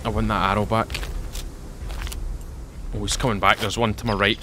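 A man on the low side of the pitch range delivers a flat, sharp-toned commentary with long pauses at a moderate pace. He's a tired gaming channel host who chats and jokes through his let's play and talks to the game's enemies. There's a slight hiss or hum.

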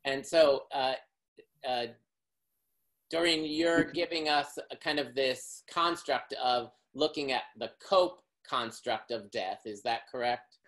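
A man's voice: mid-range voice, slow, fairly bright tone, poor audio. A man presenting a workshop, lecturing in long, winding, academic sentences.

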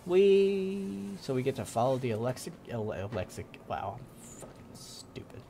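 A man's voice: mid-range voice, fairly quick, background noise. A young man giving casual, joking commentary while playing a video game, swearing often and taunting the enemies on screen. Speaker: gaming video host.

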